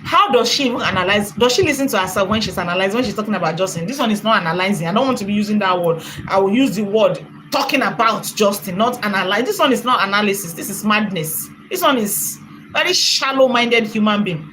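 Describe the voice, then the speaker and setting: A woman's voice: mid-range voice, animated, fast talker, background noise. A woman hosting a reaction commentary, mocking and heated as she answers a critic. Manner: mocking, heated, switches to sarcastic mock crying. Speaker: channel host.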